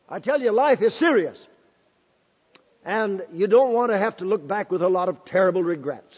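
A man's voice: sits high, expressive, normal speed, husky. An older man, a Bible school principal, preaching a fervent testimony sermon, calling out hallelujah and amen. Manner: exclamatory, shouts hallelujah and amen, laughs often. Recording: dull old recording in a reverberant hall.

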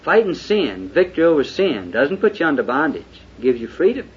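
A man preaching a sermon in a folksy way, dropping to hushed confession and then rising to fervent shouting. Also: on the high side, very animated, a little fast, few pauses, breathy edge. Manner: folksy, with lots of "you know". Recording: dull lo-fi recording with faint hiss.

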